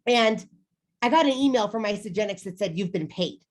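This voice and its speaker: Speaking straight to a sales team, an American woman in her thirties delivers an emphatic motivational talk built on personal storytelling. Her mid-range voice has lively intonation, and she moves along fairly quickly.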